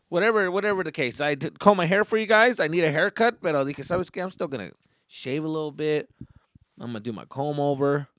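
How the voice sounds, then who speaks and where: A man's voice: a little high, brisk, fairly bright tone, dry recording, studio quality. A man hosting his own podcast in a rambling, profane solo monologue, slipping into Spanish phrases now and then. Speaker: podcast host.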